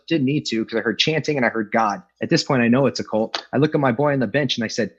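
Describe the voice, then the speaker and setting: Man from los angeles telling his aa story, wry jokes, does little voices, husky and kinda muffled video call audio. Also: medium pitch, quick pace. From Los Angeles, California. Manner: wry, joking, acts out quoted voices. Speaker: AA speaker. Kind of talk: recovery meeting share, storytelling.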